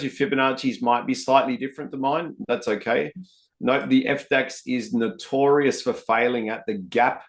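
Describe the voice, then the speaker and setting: A man commentates live trades for an online audience. He speaks in a relaxed, chatty way at a middle pitch and keeps calling viewers guys and mate. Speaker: trading educator hosting a live session. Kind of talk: live-stream trading commentary.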